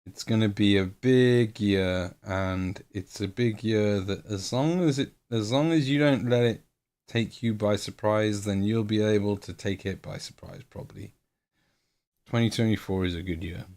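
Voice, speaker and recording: A man in his late thirties rambles casually on a live stream as he paints miniatures, cracking jokes and laughing at himself. His voice is fairly low and darkish in tone, at a normal speed.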